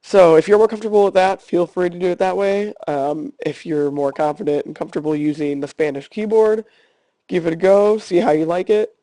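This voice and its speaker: A man with a fairly high voice that still sounds dark and mellow walks students through a screencast tutorial. He explains each step calmly and patiently. The sound is dry and close, with no room tone. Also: brisk, no room sound. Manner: calm step-by-step instruction. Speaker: Spanish teacher.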